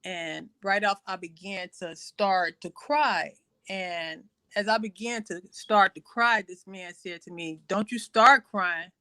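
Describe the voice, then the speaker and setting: A woman recounts her own story in a halting, conversational way, with many fillers and repeated phrases. Her pitch sits in a middle range for a woman. Her voice sounds close and dry, with no room echo. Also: a bit bright. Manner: quotes others in a raised voice. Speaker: guest sharing her testimony. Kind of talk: personal testimony, story told in conversation.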